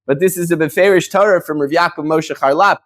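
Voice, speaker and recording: A rabbi with a high, slightly bright voice teaches a Torah class at a brisk pace. He explains in an easygoing, talky manner, often restarting phrases and using Hebrew terms in Ashkenazi pronunciation.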